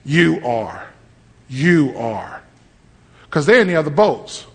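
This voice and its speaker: A preacher man delivering a lively storytelling sermon, acting out voices and rising to shouts. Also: fairly high pitch, slow, slightly rough. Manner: animated, acts out voices, shouts at peaks. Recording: long hall reverb.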